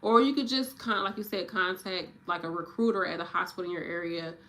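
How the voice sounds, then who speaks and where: A woman nurse in her thirties chatting casually on a livestream, animated and preachy, addressing viewers directly. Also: fairly low pitch, a little fast. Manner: animated, preachy, talks straight to viewers with "y'all" and "child".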